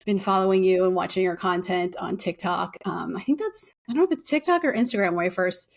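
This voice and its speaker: Middle-aged female host, vocal fry, chatty, laughs easily, casual interview. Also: lowish voice, fast. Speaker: podcast host.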